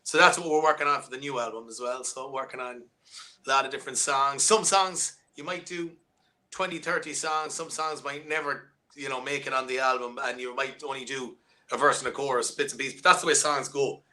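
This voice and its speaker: A man's voice: medium pitch, fairly even intonation, a little fast, sharp tone. A man with an Irish accent, a musician talking loosely in an interview over a video call, full of restarts and fillers. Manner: rambling, with many restarts and fillers. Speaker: musician guest. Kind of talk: casual interview chat.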